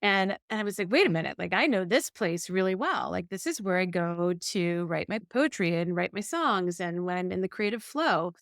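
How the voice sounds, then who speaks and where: Animated woman telling a personal story. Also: fairly low pitch, moderate pace, creaky, hardly any pauses, no echo, studio quality. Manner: animated storyteller, acts out quotes. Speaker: podcast co-host. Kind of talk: casual chat.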